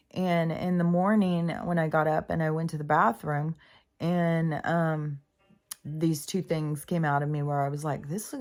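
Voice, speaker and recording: A woman's voice: low-pitched, darkish tone. A middle-aged woman vlogging about spirituality in a meandering, casual monologue, full of fillers and swearing.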